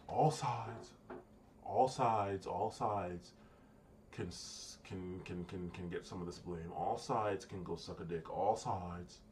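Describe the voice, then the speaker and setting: A man's voice: low voice, slight background noise. An American man venting in a casual, profane political rant to camera, rambling and repeating himself. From United States. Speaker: vlogger.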